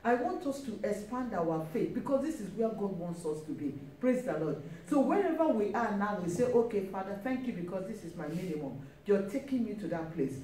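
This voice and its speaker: A woman's voice: medium pitch, big pitch swings, fairly quick, hardly any pauses, mellow. A woman preaching a sermon, emphatic and repeating key phrases with frequent calls of praise. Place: church hall. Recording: echoey church, mic at a distance, faint hiss.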